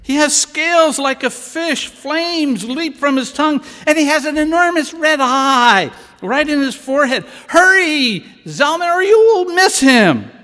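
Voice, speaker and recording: A preacher doing a breathless excited townsman. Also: very high-pitched, measured pace, hardly any pauses, pitched above the performer's own voice, exaggerated voice. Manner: excited, shouting. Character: breathless excited male townsman shouting news. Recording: long hall reverb.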